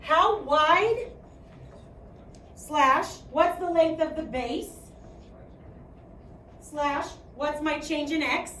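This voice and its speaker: In an echoey classroom picked up by a distant mic, a woman with a Chicago accent lectures a math class, projecting her voice and often asking "okay?" to check in. Her voice is high-pitched and fairly bright, and she speaks very slowly with long pauses. There's slight background noise.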